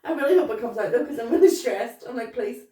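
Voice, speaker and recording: Giggly high-voiced woman. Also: lively intonation, fast, mellow. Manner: giggly, swearing, rambling storyteller. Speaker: podcast co-host. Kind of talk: tipsy casual chat. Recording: echoey room, distant mic.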